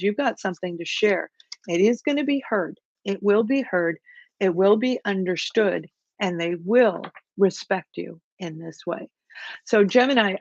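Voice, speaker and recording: A woman reads tarot on a live stream in an emphatic, chatty way and leans on repeated words. Her voice sits at a middling pitch. The audio is dry and a little dull. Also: dry recording. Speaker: psychic tarot reader.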